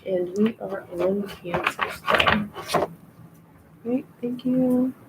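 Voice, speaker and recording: A woman's voice: medium pitch, drawn-out words, very noisy. A woman giving a live tarot and oracle card reading, chatty and reassuring, with frequent ums and restarts. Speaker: tarot reader.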